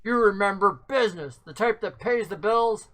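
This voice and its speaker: A game master putting on a hulking, practical male half-orc who speaks plainly and dryly. Bright in tone, he nudges rather than threatens in this tabletop game. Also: mid-range voice, moderate pace, lightly acted. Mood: blunt. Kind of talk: voicing a character in a tabletop game.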